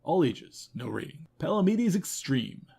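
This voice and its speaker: A man hosting a game news show, running through a list of games with quick wry comments and self-mocking asides. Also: a little high, sing-song, gravelly, dark tone, breathy edge. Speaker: host. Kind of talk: rapid game review roundup.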